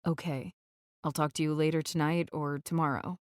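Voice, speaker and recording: Brief: a woman reading as a guarded young rock star, hushed and low-pitched, bone-dry studio sound. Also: level tone, normal speed, no echo, close to an everyday voice. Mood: tender. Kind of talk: audiobook character voice.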